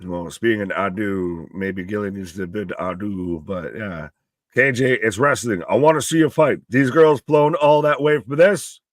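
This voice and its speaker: A man's voice: on the low side, normal speed, dry recording. A man co-hosting a wrestling live stream, talking in a loose, joking, profane way, outdoors. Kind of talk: casual live-stream chat reacting to a wrestling event. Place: outdoors in afternoon sun.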